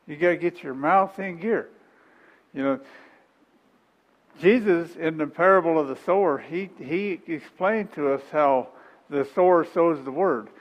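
A man's voice: fairly high pitch, unhurried, in a large hall, muffled recording. A middle-aged man preaching a sermon in a folksy, conversational way, repeating phrases and chuckling between points.

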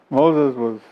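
A man preaching a sermon who reads scripture aloud and then explains it in homey asides, chuckling now and then. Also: mid-range voice. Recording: dull lo-fi recording.

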